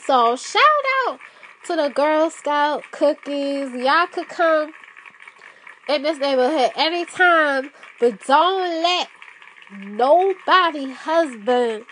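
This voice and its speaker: Slow, high-voiced playful woman podcaster. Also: animated, fairly bright tone, slight background noise. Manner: playful, storytelling, talks straight to listeners. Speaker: podcast host. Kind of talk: casual solo podcast chat.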